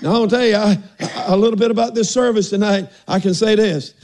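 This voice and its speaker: A man's voice: sits high, fast talker, a little mellow. An older man preaching a folksy sermon, often asking "are y'all listening" and saying amen.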